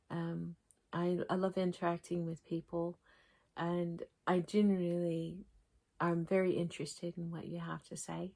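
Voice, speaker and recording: Craft vlogger lady, accent half american half english, chatty and gentle, keeps restarting sentences. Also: fairly low pitch. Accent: mix of American and English. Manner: gentle, rambling, with frequent restarts. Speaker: crafting vlog host. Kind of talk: casual chat to camera.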